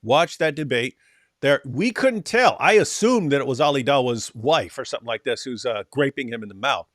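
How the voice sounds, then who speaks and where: A man hosting a casual livestream chat, sarcastic and mocking, often trailing off quietly at the ends of lines. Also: medium pitch, animated, moderate pace, dry recording, studio quality. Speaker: host.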